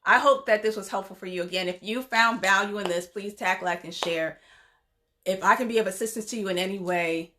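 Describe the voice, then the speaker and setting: Bright-voiced encouraging woman counselor vlogging. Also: medium pitch, fairly quick. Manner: encouraging, chatty, with frequent laughs; informal, with 'y'all' and loose asides. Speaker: psychotherapist and counselor. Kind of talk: direct-to-camera heartfelt vlog address.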